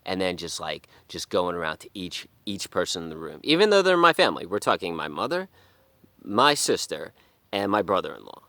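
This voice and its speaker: A man talking casually to camera, swearing often and rambling through restarts, sometimes sinking to a hushed whisper. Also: low-pitched, sing-song, fairly quick, no echo. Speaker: vlogger. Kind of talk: casual monologue.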